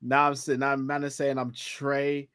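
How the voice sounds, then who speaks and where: A man's voice: medium pitch, completely flat delivery, unhurried, fairly bright tone, smooth, dry recording. A man co-hosting a casual live stream, joking and mocking himself in slangy talk. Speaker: co-host.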